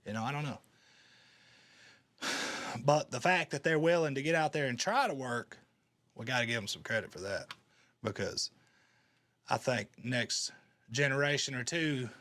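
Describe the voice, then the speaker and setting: A man's voice: mid-range voice, moderate pace, pauses often, fairly bright tone. A man hosting a podcast, answering call-in messages in a laid-back, rambling way. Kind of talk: casual commentary.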